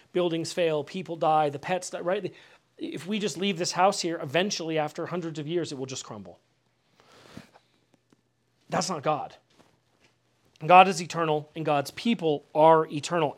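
A middle-aged male pastor with a fairly high voice gives a teaching sermon. He talks conversationally, stumbles over and repeats words, and keeps asking his listeners questions. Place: house.

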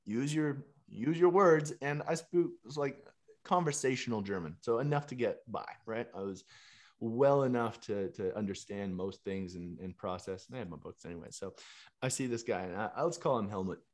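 Man, 30s, lowish voice, animated swearing storyteller. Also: fairly quick. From Canada. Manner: animated, laughing, swears freely. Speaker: musician and fitness coach. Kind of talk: casual storytelling monologue.

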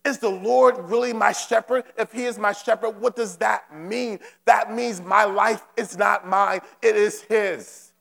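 Man, pastor, high gravelly voice, fervent repetitive preaching, church service, long hall echo. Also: fairly even intonation, unhurried, hardly any pauses, fairly bright tone. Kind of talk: sermon.

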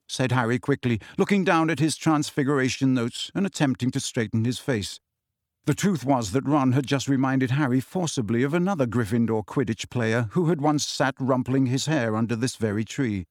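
Man narrating an audiobook, measured. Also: medium pitch, no echo, clean studio sound. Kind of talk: scripted narration.

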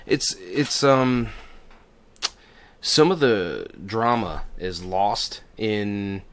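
A man's voice: fairly low pitch, drawn-out words. A young adult man hosting a podcast in casual chat, rambling and laid-back, swearing now and then. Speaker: podcast host.

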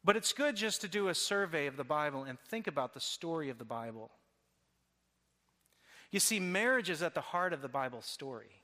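A man's voice: fairly high pitch, expressive, brisk, bright, forceful tone. A man preaching a sermon earnestly, often restarting his phrases. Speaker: pastor. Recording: long hall reverb.

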